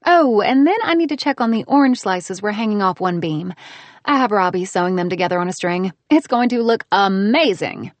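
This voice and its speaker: A woman narrating an audiobook, voicing a cheerful, teasing young heroine in a bubbly, higher voice. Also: expressive, brisk, dry recording, close to an everyday voice. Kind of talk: audiobook character voice.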